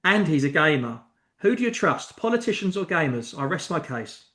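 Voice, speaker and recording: A man's voice: on the high side, sing-song, moderate pace, fairly bright tone. Male podcast co-host, dry mock-serious riffing, echoey room sound. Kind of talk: comedic podcast banter. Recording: roomy echo.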